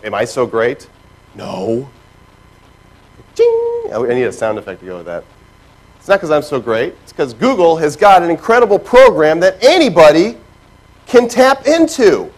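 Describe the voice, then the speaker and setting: A man giving a lively seminar talk to a live audience, telling stories with sound effects and mimicked voices. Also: fairly high pitch, moderate pace, poor audio. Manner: animated storytelling with character voices and sound effects. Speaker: keynote speaker. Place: stage before a live audience.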